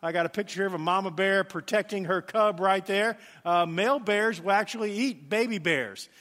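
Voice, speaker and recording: A middle-aged man with a high, light voice delivers a sermon in a church, telling homey family stories with lots of "uh" and "you know". His voice rings out with a long hall reverb around it. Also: moderate pace, a bit bright. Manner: storytelling with folksy asides and many fillers. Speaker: pastor.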